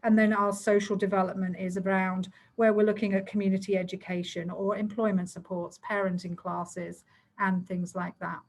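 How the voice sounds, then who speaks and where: A woman presenting a community safety plan to a council over a video call, talking quickly and explaining to fit her time. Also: medium pitch, flat delivery, low-quality recording.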